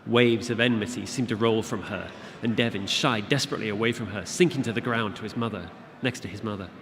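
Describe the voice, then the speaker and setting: Man with a low voice reading a story. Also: slight background noise. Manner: steady, measured narration. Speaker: author reading his book. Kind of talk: reading a fantasy novel aloud. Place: convention event room. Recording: long hall reverb with audience.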